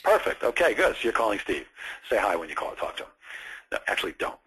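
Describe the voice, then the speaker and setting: A man's voice: lowish voice, huge pitch swings, fast, sharp tone, slightly rough, poor audio. A man coaching a student on phone sales scripts, explaining step by step with direct examples. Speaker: sales trainer.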